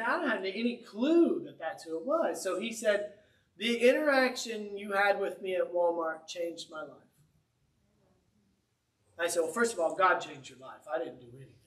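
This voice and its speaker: High-voiced man preaching in an echoey room. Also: moderate pace, long pauses, recorded from a distance. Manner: animated, conversational storytelling with humor. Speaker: pastor. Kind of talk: sermon storytelling. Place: church sanctuary.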